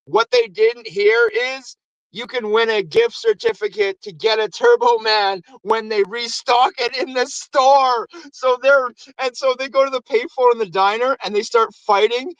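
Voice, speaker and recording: A man's voice: very high voice, a little slow, no room sound, lo-fi sound. A man hosting a show, casually recapping a movie with lots of swearing and acted-out quotes. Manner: animated, acts out quotes in raised voices. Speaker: show host.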